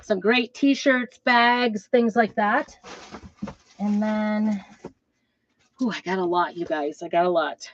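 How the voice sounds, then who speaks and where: A woman speaks slowly at a medium pitch, pausing often, as she casually shows off new craft designs in a rambling vlog peppered with ums and asides. Calling herself a trumpet player, she fusses over instrument details. The dry recording sounds dull and slightly lo-fi.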